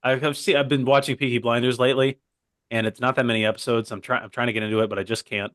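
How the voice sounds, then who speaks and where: Here a young co-host of a casual comedy podcast talks fast in a fairly bright mid-range voice with little pitch movement. He rambles off on digressions and keeps saying "by the way." It's a close, dry recording without room sound.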